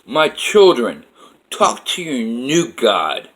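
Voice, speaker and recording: A man voicing a male god, speaking slowly, calmly and gently yet very loudly. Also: heavily acted. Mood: solemn. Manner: slow, solemn, booming.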